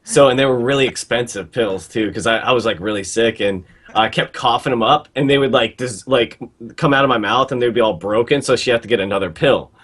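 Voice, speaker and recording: A man on a casual podcast, telling a childhood story quickly with stops and restarts. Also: mid-range voice, a bit bright. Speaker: podcast co-host. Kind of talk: casual chat.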